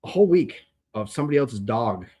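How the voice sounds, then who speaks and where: A man's voice: mid-range voice, expressive, fast, dark tone, breathy edge. A man quoting his girlfriend in a near-normal voice as she explains a plan matter-of-factly. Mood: explaining. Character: mildly irritated adult woman, the speaker's girlfriend.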